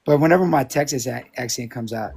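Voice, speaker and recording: Man, live stream co-host, casual chat, joking, swears a lot, mid pitch. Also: fast, darkish tone, husky. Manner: joking, swears often, laughs at himself.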